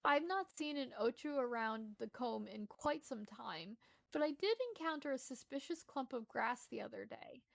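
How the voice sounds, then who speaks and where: A woman's voice: a little high, creaky, no echo. A woman with a lisp reading aloud the lines of a formal game quest giver, stumbling now and then. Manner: read aloud with stumbles and restarts.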